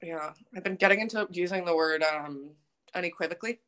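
Young woman, lowish voice, sweary, laughs a lot, casual podcast chat. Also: a little fast, fairly bright tone. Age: young adult. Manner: sweary, laughs often, playful. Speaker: podcast co-host.

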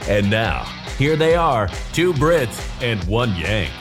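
A man's voice: lowish voice, sing-song, slow. A man reading a scripted podcast intro in an upbeat promotional tone. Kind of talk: scripted announcer intro over music. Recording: music bed behind.

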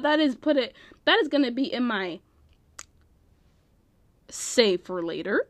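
A woman's voice: fairly high pitch, animated, unhurried, pauses often, dry recording. Chatty young woman rambling on a podcast. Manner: rambling, giggly, lots of fillers. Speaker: podcast host. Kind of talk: casual solo podcast chat.

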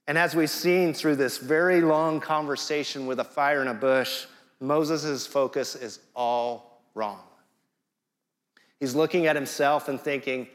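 A man's voice: fairly high pitch, slow. Conversational preacher man in a hall. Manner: conversational, with jokey asides. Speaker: guest preacher. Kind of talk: sermon.

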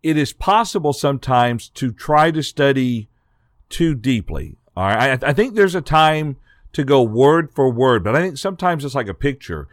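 A man leads a casual Bible study discussion as host. He talks in a relaxed, conversational way, his pitch moves a lot, and the recording is dry with no room sound. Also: moderate pace, dry recording. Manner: conversational, lively, reads out listener questions.

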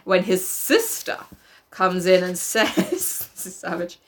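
A woman's voice: lowish voice, fairly even intonation, unhurried, slight background noise. A woman co-hosting a podcast who reads a book aloud, breaking off often to giggle and joke in casual chat.

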